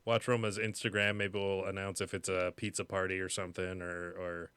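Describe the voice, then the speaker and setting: A man co-hosting a casual podcast, rambling and halting, swearing casually, on a close mic. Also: low-pitched, level tone, fairly bright tone, smooth, no echo. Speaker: podcast co-host.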